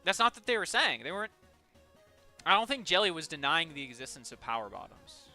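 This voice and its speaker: Bright, sweary male game streamer. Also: a little high, big pitch swings, brisk, soft background music. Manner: swears a lot, laughs often, banters with chat. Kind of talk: casual gaming stream chat.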